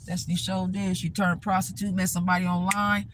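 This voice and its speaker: A woman's voice: lowish voice, flat delivery, a little fast, noisy background. Blunt, heated middle-aged woman vlogger. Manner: emphatic, repetitive, blunt and heated. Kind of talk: ranting to-camera vlog.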